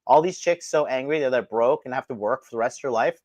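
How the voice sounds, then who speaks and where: A man hosting a live stream, ranting crudely and mockingly, his voice swinging from loud outbursts to low mutters. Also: fast talker, dry recording. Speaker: livestream host. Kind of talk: crude provocative livestream rant.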